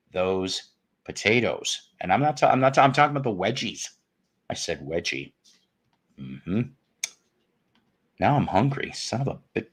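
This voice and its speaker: A man's voice: medium pitch, fairly bright tone. A man hosting a casual live stream, rambling and joking with viewers with crude humor. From northern United States.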